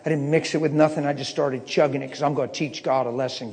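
A middle-aged man preaching a personal testimony, swinging from low muttering to impassioned shouting. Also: fairly even intonation, fast talker. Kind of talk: sermon testimony storytelling. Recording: echoey hall reverb.

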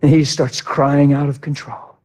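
A middle-aged man preaching a sermon with impassioned delivery, swinging from hushed to loud. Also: a little high, level tone, a little slow, slight background noise. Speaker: pastor.

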